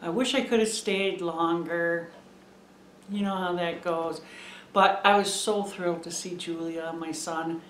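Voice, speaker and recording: Woman, middle-aged, low-ish voice, unhurried, chatty and gushing, echoey room. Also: fairly even intonation, fairly bright tone, a little hiss or hum. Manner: chatty and meandering, gushing with fond enthusiasm. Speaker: homesteading vlogger. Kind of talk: casual chat to camera.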